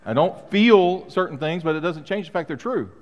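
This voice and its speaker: An animated, fairly high-voiced middle-aged man preaches at a normal pace to his congregation. As pastor in the church sanctuary, he speaks emphatically and poses many rhetorical questions, with long hall reverb on the recording.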